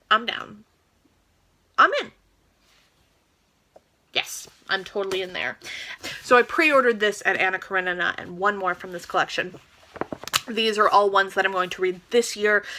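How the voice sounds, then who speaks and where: A woman's voice: medium pitch, sharp tone. A woman chatting casually as a book vlogger, eager and gushing as she shows off new books. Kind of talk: casual book haul chat.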